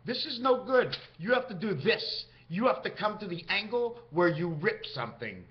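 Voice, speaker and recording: A man's voice: high-pitched, very animated, normal speed, dull audio. A man talking straight to camera in a rambling, free-associating monologue that jumps from topic to topic. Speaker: vlogger.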